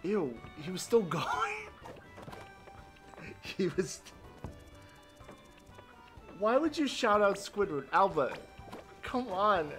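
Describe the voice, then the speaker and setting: A male streamer commentating live on his gameplay, excitable and laughing, yelping at the game and talking to his chat. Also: high voice, slow, pauses often. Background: game music.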